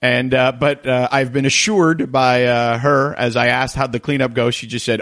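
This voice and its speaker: A man in his thirties hosting a sports call-in radio show, his delivery animated and peppered with "uh" fillers. He reads promos and phone numbers at a brisk clip, then slows into loose, conversational storytelling. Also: mid-range voice.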